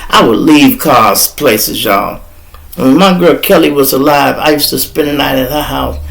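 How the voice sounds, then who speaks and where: A man with a Chicago accent hosting a podcast, telling stories in an animated, profane way and acting out what others said. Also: medium pitch, a little slow, creaky. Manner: animated, profane, acts out quoted voices. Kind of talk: storytelling.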